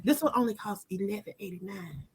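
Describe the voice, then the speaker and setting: A woman's voice: medium pitch, a little fast, slightly rough. A woman hosting a casual group chat, often laughing and repeating herself. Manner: laughing, repetitive, animated. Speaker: book author and host.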